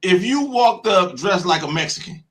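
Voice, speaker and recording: A man hosting a casual chat, speaking bluntly and with profanity, dropping low and quiet for serious points. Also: animated, moderate pace, rough recording. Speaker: host.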